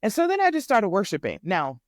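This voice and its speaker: A woman guest on a podcast, a life coach, telling a faith testimony in an animated, emphatic way and acting out the dialogue. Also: mid-range voice, fairly quick, dry recording, studio quality. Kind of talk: faith testimony storytelling in casual chat.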